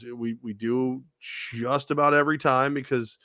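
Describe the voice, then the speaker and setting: A man's voice: medium pitch, measured pace, dry recording, studio quality. A man co-hosting a sports talk show, telling stories animatedly and acting out what people said. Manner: animated storyteller who acts out quoted voices.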